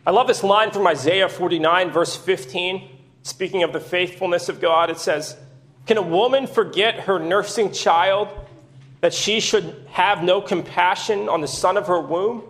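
A man preaching a sermon, teaching earnestly and at a measured pace, with rhetorical questions to his listeners. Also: sits high, fairly bright tone.

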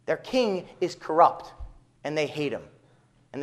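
Male preacher, high and animated, building a sermon through emphatic repeated phrases. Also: measured pace. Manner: emphatic preaching with rhetorical repetition. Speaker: pastor.

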